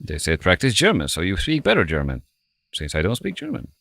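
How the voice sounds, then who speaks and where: Man with a wildly swinging pitch. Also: huge pitch swings, a little fast, gravelly, a bit bright, dry recording. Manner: playful, self-mocking, muttering to himself. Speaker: streamer playing a ghost-hunting game. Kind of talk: casual gameplay commentary. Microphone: headset.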